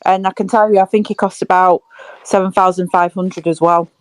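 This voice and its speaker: A woman co-hosting a casual football fan podcast, chatty and quick to giggle. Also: fairly low pitch, steady tone, no room sound. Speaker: podcast co-host.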